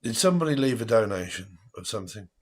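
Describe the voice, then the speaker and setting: A man's voice: lowish voice, big pitch swings, fast, husky. A man hosting a live tarot stream in a casual, chatty way, often breaking into laughter.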